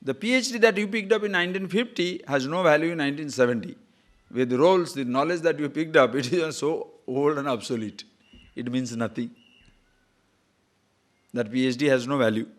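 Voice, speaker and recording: An older man delivers a spiritual discourse as a teacher, speaking in a brisk, somewhat high voice. He's animated, poses rhetorical questions, and chuckles now and then.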